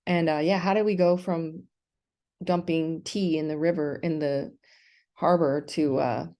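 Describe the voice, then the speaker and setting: Gravelly indignant woman ranting. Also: low voice, fairly even intonation, unhurried, mellow. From United States. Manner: indignant, rambling, many ums and restarts. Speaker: vlogger. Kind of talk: ranting livestream monologue.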